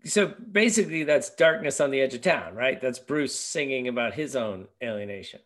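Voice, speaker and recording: A man hosting a relaxed discussion, musing aloud and leading the talk with questions. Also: medium pitch, moderate pace. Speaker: podcast host. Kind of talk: casual discussion.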